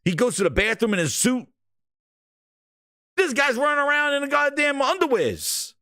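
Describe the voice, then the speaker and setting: High-voiced guy ranting on a gaming stream, swears a lot, laughs constantly, voice jumps all over, dry close mic. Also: moderate pace, no echo. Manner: profane, laughing, excitable. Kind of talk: casual livestream rant.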